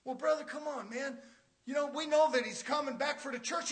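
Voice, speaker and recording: A man preaching a sermon with fiery energy, swinging between shouted declarations and hushed, quiet asides, with folksy Southern phrasing. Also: very high-pitched, brisk.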